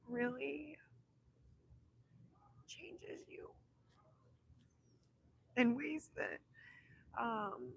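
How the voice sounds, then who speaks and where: This is a woman in her thirties hosting a relaxed livestream chat, her voice sitting high with vocal fry and a slightly bright tone. She's heartfelt and emotional, often falling to a whisper, over a low-quality recording with a bit of hiss or hum.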